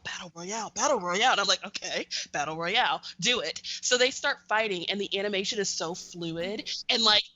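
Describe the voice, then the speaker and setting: A young woman co-hosting a podcast, telling a story in an animated, excitable way in casual chat. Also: medium pitch, no echo, highs cut off. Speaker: podcast co-host.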